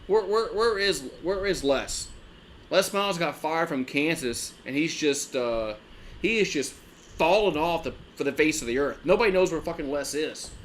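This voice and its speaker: A man's voice: on the high side, animated, normal speed, a little hiss or hum. A man hosting a live sports fan stream, talking in a loose, rambling way with lots of restarts and frequent swearing.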